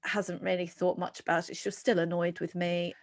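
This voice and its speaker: A middle-aged British woman being interviewed as a psychologist, talking earnestly and animatedly with quick restarts. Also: on the low side, level tone. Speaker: guest psychologist. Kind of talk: podcast interview.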